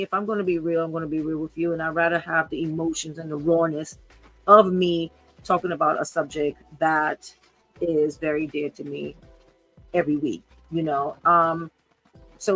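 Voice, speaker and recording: A woman's voice: low voice, sharp tone, no echo, rough recording. A woman in her fifties hosting an unscripted livestream podcast, talking in an earnest, emotional way and often repeating herself. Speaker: podcast host.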